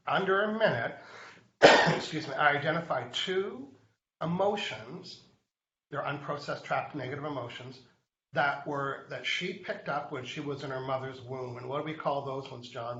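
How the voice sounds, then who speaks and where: A man hosts a live show and tells a chatty story straight to the viewers. His voice is bright and forceful. The sound is roomy and a little dull. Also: mid-range voice. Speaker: host. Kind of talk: live online show chat.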